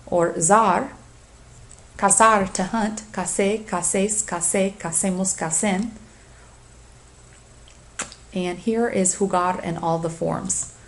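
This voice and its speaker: A woman teacher giving a recorded lecture for a flipped class, slowly reading lists of verb forms and giving assignments. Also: on the low side. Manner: deliberate, reads conjugations aloud in lists. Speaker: Spanish teacher.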